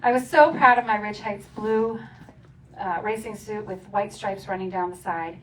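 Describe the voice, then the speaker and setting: A woman's voice: mid-range voice, normal speed. A woman reading from her own memoir at a community celebration, playful and often laughing as she acts out the funny parts. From Philadelphia area. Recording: distant mic with faint ambient noise.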